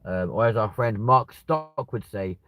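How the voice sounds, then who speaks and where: A man, hosting a livestream and chatting casually with viewers, rambling and swearing with sudden bursts of excitement. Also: fairly low pitch, a little slow, poor audio. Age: 20s. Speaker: livestream host. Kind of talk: casual live chat reading viewer comments.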